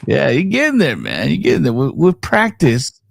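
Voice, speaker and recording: A man's voice: mid-range voice, wildly swooping pitch, normal speed, gravelly, no echo, studio quality. A man co-hosting a casual comics chat, rambling with lots of fillers and frequent laughs. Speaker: podcast co-host.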